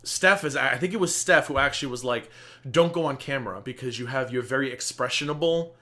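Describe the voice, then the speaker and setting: A man hosting a livestream, chatting casually and telling stories in an animated, profane way. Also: medium pitch, fairly quick. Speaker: livestream host. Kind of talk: casual chat.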